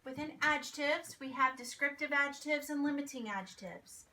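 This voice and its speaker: A woman teaches a grammar lesson to her children at home, walking them through examples and checking that they follow along. Her voice is bright and a little high. She sits some way off the mic, and faint noise runs underneath. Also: fairly quick, far from the mic. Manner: patient, explains with examples and checks with "right?". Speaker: homeschool teacher.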